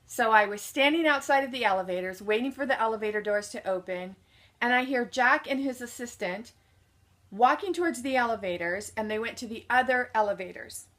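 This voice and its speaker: A lively woman, a motivational speaker, tells a personal story at a fairly quick pace in a bright, forceful voice pitched a little high. She acts out what people said to her and asks the audience questions before answering them herself.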